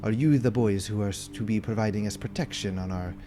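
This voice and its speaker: A man's voice: lowish voice, brisk, lightly acted. A man voicing a polite, formal elderly male merchant in green robes, with music behind. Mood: courteous.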